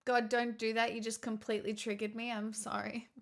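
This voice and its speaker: A woman's voice: a little high, flat delivery, brisk. A woman streamer in casual chat, rambling and laughing often as she tells stories.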